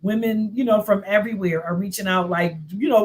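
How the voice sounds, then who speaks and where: A woman's voice: medium pitch, brisk, low-quality recording. A woman in her fifties, a guest author, telling stories in casual chat with lots of laughter and "y'all". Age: 50s. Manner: lively, laughing, says y'all often.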